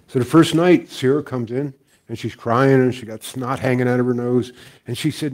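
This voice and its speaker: An older man giving a talk as a guest teacher, telling stories in a relaxed way with frequent chuckles. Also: medium pitch, normal speed. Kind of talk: storytelling talk.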